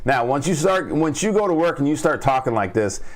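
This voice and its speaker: A man's voice: a little high, lively intonation, a little fast. Man coaching trading live, checking in constantly. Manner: checks in with "all right?" and "okay?" after each point; repeats key points. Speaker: trading coach and stream host. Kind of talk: live-streamed trading lesson.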